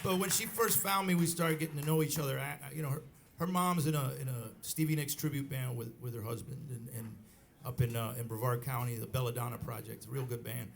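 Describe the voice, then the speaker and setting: A middle-aged bandleader telling a rambling story on stage at a live club, with many restarts and acted quotes. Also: male voice, medium pitch, fairly even intonation, a little fast, vocal fry. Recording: live club recording with faint crowd noise.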